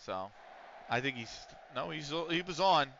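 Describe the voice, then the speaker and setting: A man's voice: fairly high pitch, lively intonation, unhurried, creaky, a bit bright, highs cut off, slight background noise. A man chatting casually on a game livestream, rambling and swearing while he reacts to the match. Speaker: streamer playing a football management game. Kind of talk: casual livestream chat with commentary.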